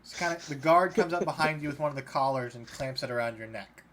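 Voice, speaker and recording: A man narrates a tabletop game as its dungeon master in a medium-pitched voice. He talks loosely, stopping and restarting with fillers, over a faint noisy hiss. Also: fast talker, a bit bright. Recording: faint background noise.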